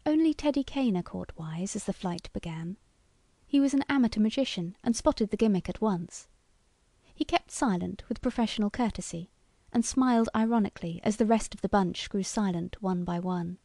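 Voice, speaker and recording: Mellow-voiced woman narrating a story. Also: medium pitch, normal speed, no echo. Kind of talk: scripted narration.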